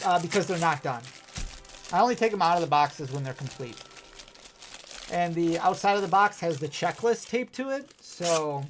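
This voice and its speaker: A man with a Wisconsin accent hosting a live stream, opening card packs and reading out chat, chatty and self-deprecating with frequent laughs. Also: on the high side. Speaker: host.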